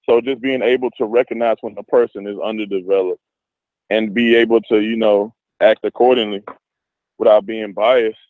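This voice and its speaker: A man in casual group discussion, talking haltingly with many restarts and fillers. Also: lowish voice, fairly even intonation, no room sound. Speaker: discussion participant. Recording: dry, phone-like audio.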